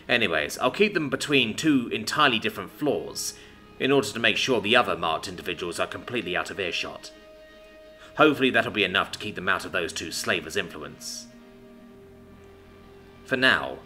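Lively-voiced male story narrator. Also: lowish voice. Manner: expressive dramatic reading. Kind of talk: scripted narration.

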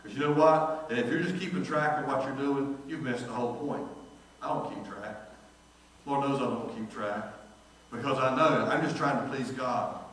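A man's voice: mid-range voice, normal speed, a bit bright. A man, preaching a sermon as pastor and telling a story in which he acts out the dialogue. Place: church sanctuary. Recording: echoey church hall from far off.

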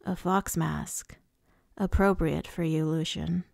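A woman's voice: sits low, fairly even intonation, takes it slowly, gravelly, darkish tone, no echo, studio quality, voice pushed down, full character voice. A woman reading the lines of a suave, menacing male fae lord, with a purring, taunting delivery.

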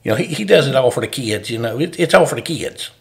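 A man's voice: medium pitch, expressive, fast talker, creaky. A man putting on the voice of a folksy, devoted Southern football coach with a South Alabama accent. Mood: earnest.

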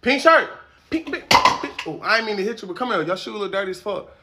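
A man's voice: high-pitched, lively intonation, fast, heavy background noise, pitched above the performer's own voice. Man playing a pushy street shoe-cleaner hustler. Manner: smooth-talking, pushy salesman.

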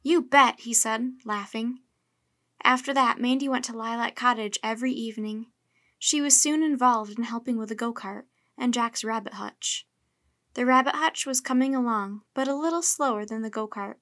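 A woman reading a children's book aloud in a steady, clear storytelling manner. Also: fairly high pitch, moderate pace.

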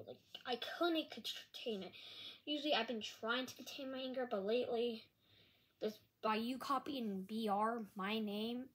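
High-voiced woman rambling an apology. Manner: rambling, halting, with frequent restarts. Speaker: vlogger. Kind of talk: casual apology vlog to camera. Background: dog nearby.

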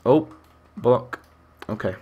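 Young guy live streaming a game, chatty, counts blocks out loud, talks to chat. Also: mid-range voice, lively intonation, slow, breathy edge, phone-quality sound. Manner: chatty, counts aloud, reacts to chat and other players. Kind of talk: live gameplay commentary.

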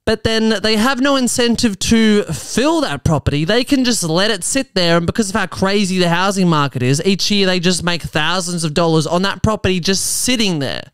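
A man's voice: high-pitched, moderate pace, hardly any pauses, clear, resonant tone, no room sound. A man hosting a podcast, riffing jokily on articles he reads out and slipping into mock voices. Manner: jokey, animated, slips into mock voices. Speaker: podcast host. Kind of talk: casual commentary reading articles aloud. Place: apartment.

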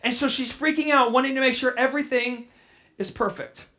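A woman pastor preaching a sermon, animated and quick to repeat herself, then dropping into a soft, reflective tone. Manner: animated, repeats words when excited; drops to a soft, low reflective tone.

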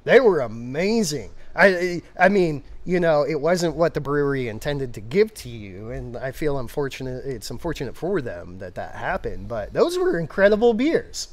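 A man co-hosting a casual brewing livestream, talking in a rambling, animated, digressive way. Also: fairly high pitch, moderate pace, hardly any pauses. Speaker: brewer and show co-host.

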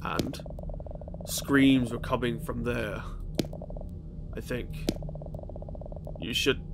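A man voicing a homeless man who begs for change, speaking slowly and hesitantly. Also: medium pitch, fairly even intonation, vocal fry, heavy background noise. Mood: uneasy.

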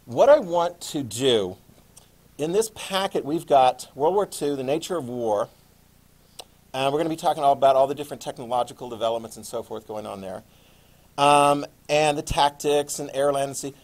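A male history teacher lecturing a classroom in a playful, animated way, adding sound effects. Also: medium pitch, normal speed.

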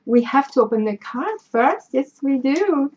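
A woman with a French accent chats through an unboxing vlog, sentimental and effusive in her thanks. She talks unhurriedly in a somewhat high voice. The recording sounds dull and lo-fi. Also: sing-song, unhurried, darkish tone, a little hiss or hum. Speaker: craft vlogger. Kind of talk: casual unboxing chat.

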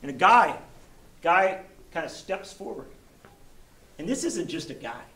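A man giving a speech to a gathering, telling a story in a folksy, animated way that drops low for suspense and rises into rousing calls. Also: unhurried, a little hiss or hum. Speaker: rally speaker. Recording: echoey room, voice heard from a distance.

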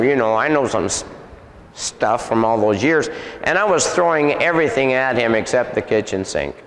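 A man preaches in a middle-pitched voice, telling his story with animated delivery, sound effects and lots of repeats. The sound bounces around a large hall with a long reverb. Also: normal speed. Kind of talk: sermon testimony.

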